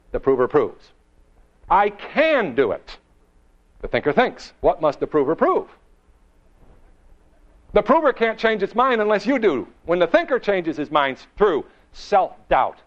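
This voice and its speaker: Emphatic man giving a motivational seminar. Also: on the high side. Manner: emphatic, rhetorical questions, shifts pace and volume for effect. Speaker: motivational speaker. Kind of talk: seminar talk to a live audience. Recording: dull lo-fi recording.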